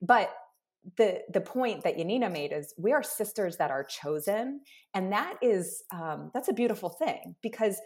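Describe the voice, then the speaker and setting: Speaking at a moderate pace in an expressive, slightly mellow mid-range voice, this business co-founder is a guest in a sincere, conversational interview. She makes her case earnestly and with emphasis, stacking her points into long lists.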